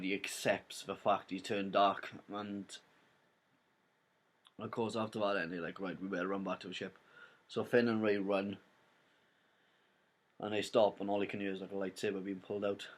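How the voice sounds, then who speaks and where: A man's voice: lowish voice, little pitch movement, moderate pace, pauses often. A young man with a Welsh accent casually retelling a film plot in a rambling spoiler review, full of "like" and "basically". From Wales.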